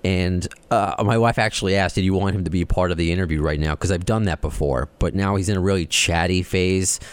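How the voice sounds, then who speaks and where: Low-voiced male host, dry sound. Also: a little fast, smooth, no echo. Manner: asks long winding questions with many restarts. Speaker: podcast host. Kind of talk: casual interview.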